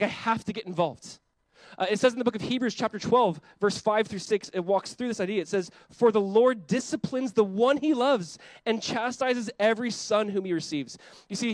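A man preaching a sermon as a pastor, lively and acting out quick imagined voices as he goes, often breaking off mid-word to restart. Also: high voice, no room sound. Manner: animated, acts out quoted voices, self-interrupting.

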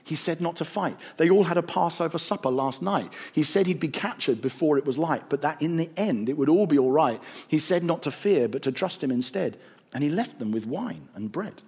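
A man narrating a rhyming story in a gentle, rhythmic storytelling manner. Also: a little high, expressive, a little fast, slightly rough.

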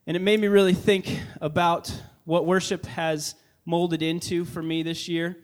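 A young man leading worship in church, welcoming the congregation and telling an earnest, excited story with frequent restarts. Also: a little high, measured pace. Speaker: worship leader. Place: church sanctuary.

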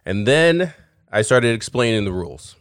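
A man's voice: medium pitch, very animated, normal speed, no room sound, clean studio sound. A man co-hosting a podcast in casual chat, telling a story and laughing often. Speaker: podcast co-host.

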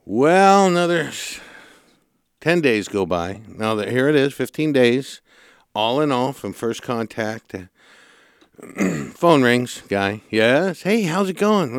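Smooth-voiced male radio host telling stories. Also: medium pitch, slow, no room sound, clean studio sound. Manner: animated storyteller, acts out callers' lines. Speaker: radio show host, mortgage broker. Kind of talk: casual radio talk, storytelling.

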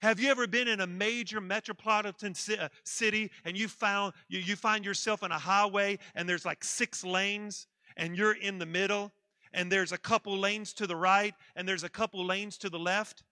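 High, bright-voiced preaching man. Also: fairly even intonation, moderate pace, dry recording, clean studio sound. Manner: emphatic, repeats key phrases, leads the congregation in call-and-response. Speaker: pastor. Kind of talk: sermon.

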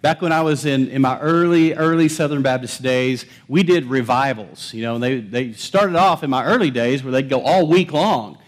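A man's voice: mid-range voice, normal speed, few pauses. A pastor giving a sermon in a church, talking conversationally and asking his congregation questions. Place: church sanctuary.

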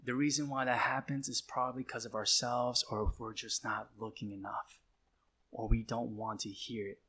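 A man's voice: mid-range voice, level tone, pushed and bright, slightly rough. A man preaching a sermon as pastor, emphatic and repetitive, driving points home with short repeated calls. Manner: emphatic, repeats phrases, slow deliberate delivery.

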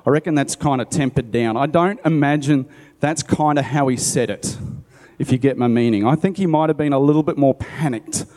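A man delivering a sermon, reading scripture and stopping to muse about it in a relaxed, conversational way. His voice is mellow and warm. A long hall reverb trails behind every line. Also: medium pitch, fairly quick. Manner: conversational, musing aside. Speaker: preacher. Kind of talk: sermon, Bible reading with commentary.

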